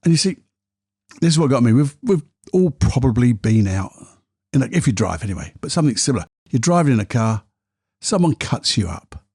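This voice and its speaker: A man's voice: mid-range voice, big pitch swings, fairly quick, a little mellow, breathy edge, dry recording, studio quality. A man hosting a solo podcast, telling candid, self-deprecating stories. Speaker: podcast host.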